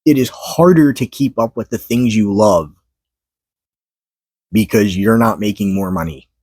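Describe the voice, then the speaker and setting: Man, personal vlog monologue: low, husky, close and dry; weary, halting, flares up in frustration. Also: darkish tone, no room sound. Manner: weary, halting, pauses to collect thoughts; swears and rises in pitch when frustrated. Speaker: vlogger. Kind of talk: unscripted personal monologue to camera. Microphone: camera mic.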